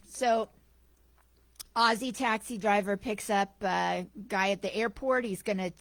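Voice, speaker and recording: Lively woman giving a church talk. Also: medium pitch, slow pace, dry recording. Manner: lively, enthusiastic, jokey. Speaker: guest speaker.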